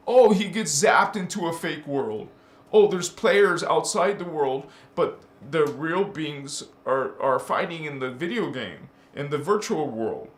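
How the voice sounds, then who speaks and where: Slow, playful man in an echoey room. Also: high voice. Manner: playful, laughs often, calls listener honey. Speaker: spiritual channel host. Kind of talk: casual spiritual monologue. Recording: roomy echo.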